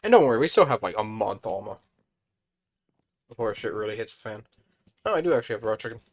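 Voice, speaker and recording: A man with a hoarse, fading voice, chatting casually on a live stream as he plays a building game and thinks aloud. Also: on the low side, sing-song, fast talker.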